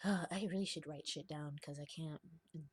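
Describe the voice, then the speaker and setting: A woman's voice: sits low, normal speed, husky, no room sound. A young woman talking in a rambling, confessional vlog, laughing often and dropping into whispers. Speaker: vlogger. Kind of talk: confessional casual monologue.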